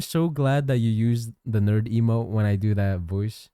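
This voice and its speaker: A man's voice: lowish voice, moderate pace, smooth, no room sound, studio quality. A man streaming while he draws, chatting casually with his chat and thanking viewers. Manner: chatty, thanks chat, lively ups and downs. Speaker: livestreamer and digital artist.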